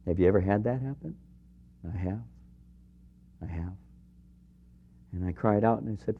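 A man preaching a sermon in an earnest way, rising to emphatic questions and dropping to quiet, personal moments. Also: lowish voice, animated, moderate pace, long pauses, husky. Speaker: pastor. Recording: dull lo-fi recording.

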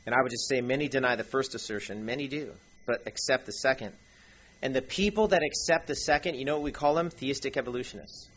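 A man preaching a lecture-style sermon with a husky voice, animated and full of asides. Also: medium pitch. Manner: animated, with asides and quick acted quotes. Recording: dull lo-fi recording.

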